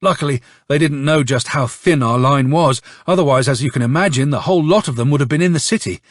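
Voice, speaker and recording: A man reading an audiobook, playing a hoarse, bitter young officer who tells his story with curses and sarcasm. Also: fairly high pitch, quick pace, dry recording, studio quality, lightly acted. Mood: angry storytelling. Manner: angry, sardonic storytelling with curses. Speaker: audiobook narrator.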